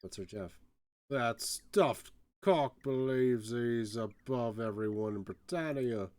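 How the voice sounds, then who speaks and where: A man's voice: mid-range voice, slow, a little mellow, dry recording, natural voice. A man voicing a bitter old male sailor locked in a cell, grumbling in a put-on with archaic speech.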